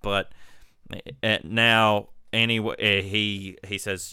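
Podcast co-host, male, low and bright-toned, dry mic, retells scenes in lively profane chat. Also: takes it slowly, dry recording. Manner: retelling scenes, quoting lines in gruff voices, swears a lot. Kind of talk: casual movie recap chat.

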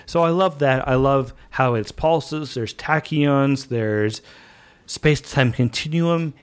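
A man's voice: medium pitch, takes it slowly, clean tone. Chatty, enthusiastic male podcast host. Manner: enthusiastic, chatty fan commentary. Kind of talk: casual monologue.

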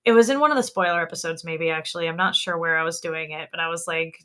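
A woman hosting a podcast in casual chat, animated and laughing often, swearing freely. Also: on the low side, fast. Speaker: podcast host.

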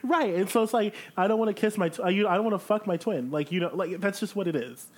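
A man in casual podcast chat, slangy and animated, packing his talk with "like". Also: high-pitched, fast talker. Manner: slangy, animated, heavy on "like" fillers.

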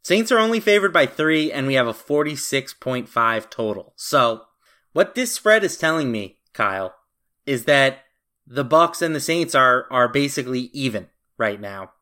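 A man co-hosting a sports betting podcast, giving his picks in a confident, brisk manner with casual fillers. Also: mid-range voice, sing-song, pushed and bright. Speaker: podcast co-host.

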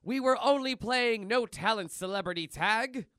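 A man's voice: very high voice, normal speed, sharp tone, dry recording, studio quality, pitched above the performer's own voice. A man voicing a rowdy, troublemaking block of cheese from a comic, mocking and singsong. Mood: smart-alecky.

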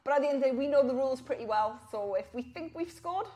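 A woman's voice: high-pitched, expressive, dark tone. A woman in her twenties with a Welsh accent, chatting casually and upbeat as a podcast guest. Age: 20s. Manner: chatty and upbeat, quick laughs. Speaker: podcast guest, jiu-jitsu athlete. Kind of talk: casual interview chat.

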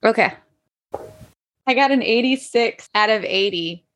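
A woman takes part as a player in a tabletop game. She talks in a casual, playful way, full of questions and quick jokes. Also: fairly high pitch, fairly bright tone. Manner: playful, chatty, laughing often.

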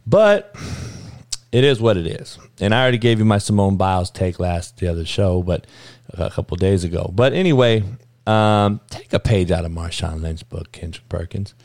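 A low-voiced man with a gravelly, fry-laden tone, hosting a sports podcast. He rants bluntly and curses freely. The sound is close and dry, with no room around it. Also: normal speed, no room sound. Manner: profane, blunt, animated rant with frequent cursing. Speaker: podcast host. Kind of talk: casual sports commentary rant.

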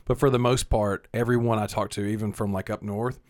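A man with a slight Southern US accent, rambling casually on a podcast with lots of filler words and quick wisecracks. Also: on the low side, fairly even intonation, darkish tone, no echo, studio quality. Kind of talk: casual chat.

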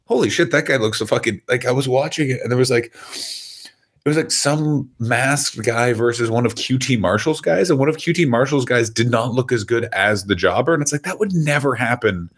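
A young man co-hosting a comedy podcast, rambling through deadpan, absurd jokes. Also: mid-range voice, normal speed, slightly rough. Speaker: podcast co-host. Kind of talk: casual comedic chat.

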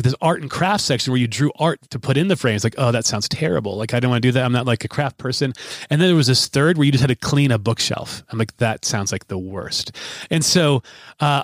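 A man's voice: mid-range voice, no room sound. A man in his thirties hosting a podcast, telling a long story in a rambling, self-deprecating way with many restarts. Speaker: podcast host. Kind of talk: casual podcast chat.

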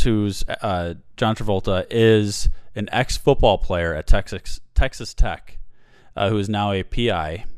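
A man with a low, smooth voice, talking casually and rambling as he retells a film's story. He stumbles and restarts often. The sound is dry and close, with no room echo. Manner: rambling, many fillers and restarts. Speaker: podcast host reviewing a film. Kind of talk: casual chat.

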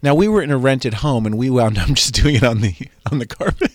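Bawdy, animated male podcast host. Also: medium pitch, brisk, no echo. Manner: bawdy, animated storytelling with laughs. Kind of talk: casual comedic chat.

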